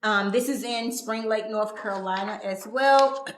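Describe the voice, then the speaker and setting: A woman's voice: mid-range voice, a little slow, slight background noise. A woman hosting her own talk show, speaking in a casual, earnest and heartfelt way while encouraging her viewers. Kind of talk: casual live-stream talk. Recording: echoey room.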